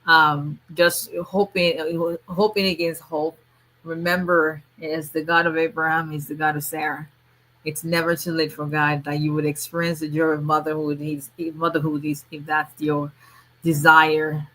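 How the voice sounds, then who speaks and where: A middle-aged woman hosts a casual livestream, welcoming viewers one by one. Her voice sits a little low but comes across bright and forceful. She talks in a warm, rambling way with plenty of fillers and restarts. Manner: warm chatty greetings, frequent restarts and fillers. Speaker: immigration attorney hosting a livestream.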